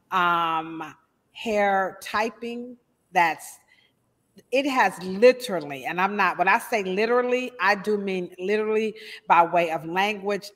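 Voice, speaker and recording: A woman hairstylist, hosting a casual live stream with animated shout-outs and playful asides. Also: mid-range voice, long reverb tail.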